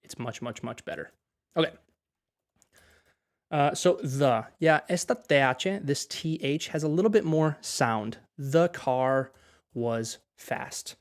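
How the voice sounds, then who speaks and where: A man's voice: on the high side, lively intonation, measured pace, pauses often. A young man from Wisconsin, teaching English in a chatty livestream, greeting viewers by name as he answers their questions. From Wisconsin, USA. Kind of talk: livestream language lesson.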